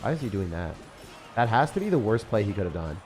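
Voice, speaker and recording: A man chatting excitedly while live-streaming a mobile game, often laughing and talking to his viewers. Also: lowish voice, fast talker, faint music behind. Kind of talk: live-stream gameplay chat.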